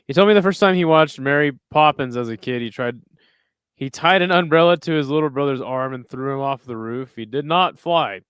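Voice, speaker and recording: A man's voice: medium pitch, a little fast, fairly bright tone, clear, resonant tone, no room sound. A young American man hosting a casual fight watch-along stream, answering chat with dry sarcasm. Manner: sarcastic, talks back to chat messages. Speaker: livestream host reading chat.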